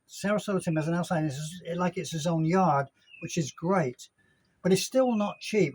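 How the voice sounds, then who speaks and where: A man's voice: on the high side, a little mellow, rough recording. Older man rambling in a chatty vlog. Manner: rambling, chatty, self-correcting. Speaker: vlogger. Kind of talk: casual vlog chat. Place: outdoors at a gated apartment complex in Mexico. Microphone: handheld phone camera.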